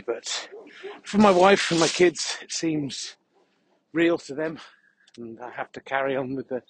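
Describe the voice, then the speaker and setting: A man rambles along in a dry, mock-serious monologue, keeping a deadpan tone through his asides. He talks outdoors on a country walk with a dog. A faint hiss of background noise sits under the voice. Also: medium pitch, low-quality recording. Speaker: podcast host.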